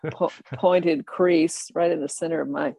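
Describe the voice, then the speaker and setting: An older person telling a family story in a lively way, often laughing and acting out the others. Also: mid-range voice, unhurried, vocal fry, breathy edge, no echo. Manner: animated, laughing anecdote telling. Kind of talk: oral history storytelling.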